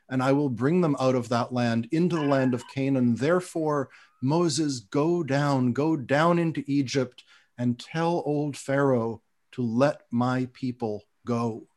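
A man reading as God, solemn and commanding. The voice is measured and plain, a recited scripture poem rather than a full performance. It sits at an ordinary male pitch. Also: darkish tone, natural voice.

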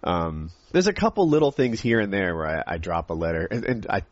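A man with a general American accent chatting casually as a podcast co-host, excitable and quick to burst into surprise. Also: sits low, no room sound. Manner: excitable, jumps to loud surprise. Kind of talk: casual chat. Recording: dull lo-fi dry recording.

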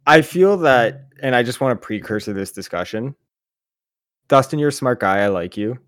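A man of middle pitch chats and jokes his way through a casual podcast, rambling and often saying "like". The sound is dry and close to the mic. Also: lively intonation, moderate pace, no room sound. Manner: chatty, joking, rambling with many "like"s. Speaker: podcast co-host.

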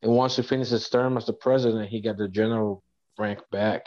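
A man co-hosting a casual podcast, speaking haltingly with many restarts. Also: fairly low pitch, fairly even intonation, a little mellow, highs cut off.

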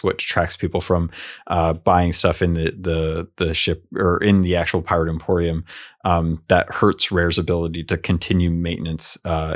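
A man hosting a casual discussion, reasoning aloud in a measured way with frequent ums and restarts. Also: deep voice.

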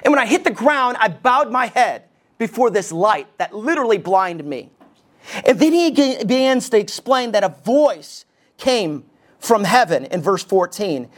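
A man preaching a sermon as lead pastor, animated, often asking the congregation questions. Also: sits high, measured pace.

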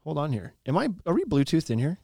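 A man co-hosting a podcast, chatting casually with an animated, rambling manner and frequent laughter. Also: fairly high pitch, fast, vocal fry, husky, dry recording, clean studio sound. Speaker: podcast co-host. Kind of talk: casual chat.

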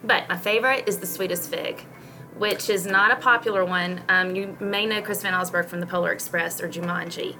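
A woman and homeschooling mom chatting casually on a podcast, retelling a picture book with animated storytelling and frequent laughs. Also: lowish voice, brisk, slight background noise. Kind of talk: casual chat.

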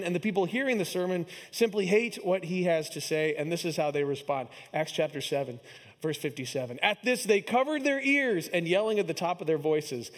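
High-voiced man preaching in a hall. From Kansas City area, US. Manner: storytelling, self-deprecating humor. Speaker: pastor. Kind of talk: sermon.

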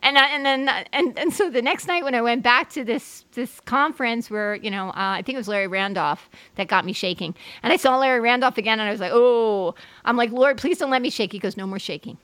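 Bright-voiced woman hosting an interview. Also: fairly high pitch, a little fast, hardly any pauses, smooth, no echo. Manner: animated, laughs easily. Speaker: host. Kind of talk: casual interview chat.

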